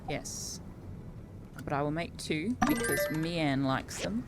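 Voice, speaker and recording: Loud music plays beneath an Australian woman streaming a game, her voice low, expressive and slow. She chats casually with amusement, correcting herself along the way as she comments on her play.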